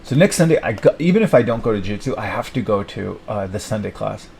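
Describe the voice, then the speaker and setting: A man's voice: on the low side, animated, quick pace, gravelly, darkish tone, a little hiss or hum, poor audio. A young man thinking aloud at his desk, rambling and self-mocking as he plans his week. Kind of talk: rambling solo self-talk.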